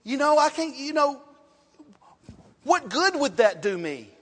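A man with a high-pitched voice teaches a church Bible class, repeating points and asking the class questions as he writes on a board. His voice rings with a long reverb, as if in a large hall. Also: very animated, a little slow, fairly bright tone.

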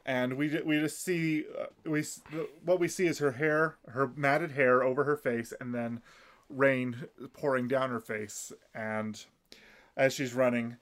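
A man's voice: medium pitch, fairly even intonation, unhurried, fairly bright tone. A man in casual chat, retelling an episode in detail with frequent restarts and fillers. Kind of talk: casual chat recapping an anime.

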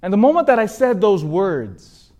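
A priest from California preaching with a voice that is slightly high for a man. His pitch swings widely as he presses his points, and he tells his story earnestly with emphatic rises. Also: very animated, normal speed, warm tone, lo-fi sound. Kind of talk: sermon.

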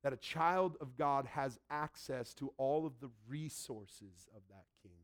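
A man preaching a sermon emphatically, swinging between loud and soft and acting out quotes from the story. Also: mid-range voice. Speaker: pastor.

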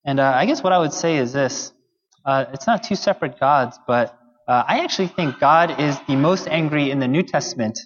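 A man's voice: fairly high pitch, brisk. A man preaching a sermon to his congregation, earnest and conversational, with occasional fillers. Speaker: pastor. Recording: dull sound in a long-echo hall.

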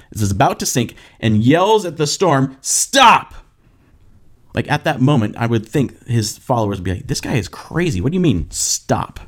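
A young man preaching a sermon on a podcast, telling the story with animated asides and acting out voices of the disciples and Jesus. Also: medium pitch. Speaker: pastor.

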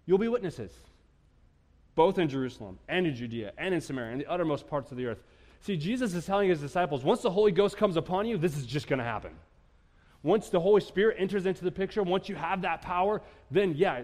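A man preaching a Sunday sermon in a church, his fairly high voice ringing out with a long reverb tail. He drives his points home emphatically, then drops to hushed, intimate lines before building up again. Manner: emphatic preaching, swinging between loud declarations and hushed lines. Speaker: pastor. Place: church sanctuary.

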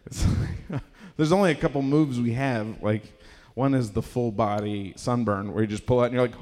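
A young man doing a stand-up comedy set in a live venue, rambling and self-deprecating, bursting into loud acted-out voices. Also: medium pitch, lively intonation, moderate pace. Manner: rambling, self-deprecating, acts out characters loudly. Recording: live room with long reverb.

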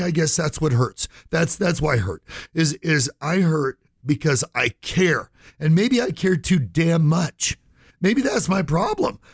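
A man's voice: fairly high pitch, creaky, breathy edge, dry recording, clean studio sound. A man hosting a radio talk show, earnest and impassioned, often restarting his sentences and at times choked up near tears. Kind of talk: emotional radio talk, addressing listeners.

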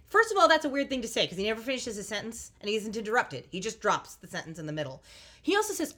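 A woman in casual podcast chat, wry and animated as she recaps a TV episode. Her voice sits a little high. She slips into the characters' lines as she goes. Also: fairly quick. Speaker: podcast co-host recapping a show.

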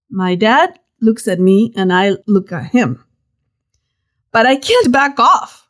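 A woman reading a personal story aloud, with lively storytelling and playful emphasis. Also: mid-range voice, slow pace. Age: young adult. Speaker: narrator.

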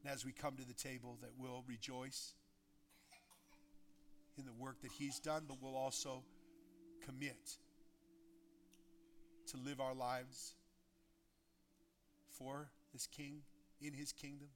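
A pastor preaching a sermon into communion, emphatic and full of rhetorical questions and repeated phrases. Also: male voice, medium pitch, flat delivery, slow, pauses often, a bit bright.

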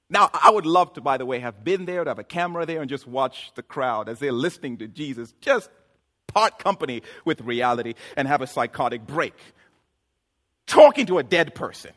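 A man preaching a sermon as pastor, animated and joking, with sudden loud outbursts. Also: mid-range voice, moderate pace.

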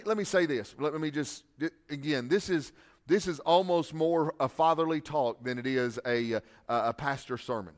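A middle-aged pastor delivers a sermon in a relaxed, folksy manner, trading scripture for humorous asides. He talks like a father giving advice, and his voice sits high for a man. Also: normal speed.

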